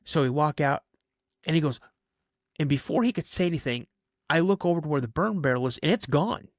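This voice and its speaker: Podcast guest, male: a chatty, animated storyteller who slips into character voices, recorded dry and close. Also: on the high side, fairly quick, no room sound. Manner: animated, acts out voices in his stories; chatty, many "you know" fillers. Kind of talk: casual storytelling.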